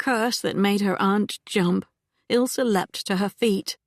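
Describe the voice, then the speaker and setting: Slow, measured woman narrator. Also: medium pitch, dry recording, studio quality. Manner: measured, calm. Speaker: audiobook narrator. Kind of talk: scripted narration.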